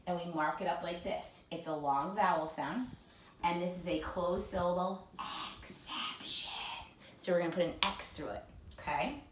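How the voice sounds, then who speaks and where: A woman teacher giving a phonics lesson to children, spelling words out letter by letter and leading drills slowly and clearly. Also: on the low side, distant mic. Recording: echoey room with faint noise.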